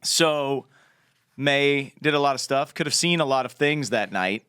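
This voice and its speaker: A man's voice: medium pitch, unhurried, sharp tone, smooth, no room sound. A man hosting a podcast, reading listener questions aloud in an easygoing, casual way. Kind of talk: casual chat.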